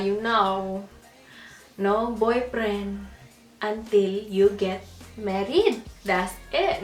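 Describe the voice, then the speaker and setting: A young woman in her twenties rants to camera in a sassy, emphatic vlog voice, swearing casually as she makes her points. Her pitch sits in an ordinary middle range, and the sound carries a roomy echo. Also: a bit bright. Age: 20s. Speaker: vlogger.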